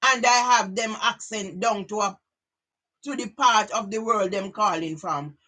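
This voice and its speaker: A middle-aged woman with a Jamaican accent talks straight to her audience in a loose, rambling monologue. Her voice is bright and forceful, and she drifts freely between English and patois. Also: medium pitch, a little slow. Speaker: vlogger.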